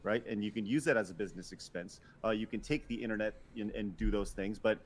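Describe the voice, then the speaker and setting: A man's voice: lowish voice, steady tone, quick pace. A man questioning a guest in an interview, hesitating and restarting with many fillers.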